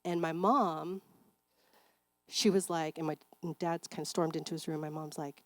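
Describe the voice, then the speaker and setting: Woman speaker at a church seminar, lowish voice, chatty storytelling full of fillers, dry close sound. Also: fairly even intonation, normal speed, no room sound. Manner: conversational, frequent filler words. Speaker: seminar speaker and clinical psychologist.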